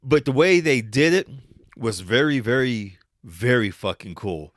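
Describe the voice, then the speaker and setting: A man's voice: mid-range voice, lively intonation, measured pace, a bit bright, no room sound. Male podcast co-host, mid-range voice, chatty rambler, dry close mic. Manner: rambling, restarts, bursts into mimicked quotes. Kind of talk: casual chat.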